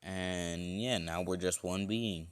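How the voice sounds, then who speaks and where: A man's voice: sits low, fairly even intonation, takes it slowly, clean tone, dry recording. A man voicing a male alien symbiote creature who mentors a boy, in a casual, offhand fan-story voice. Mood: calm, explaining.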